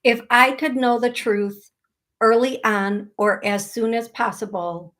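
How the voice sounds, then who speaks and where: A woman's voice: on the high side, fairly even intonation, unhurried, a bit bright. Chatty, blunt woman hosting a show. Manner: chatty, blunt, laughs at her own jokes. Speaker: psychic medium host. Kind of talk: live call-in show chat.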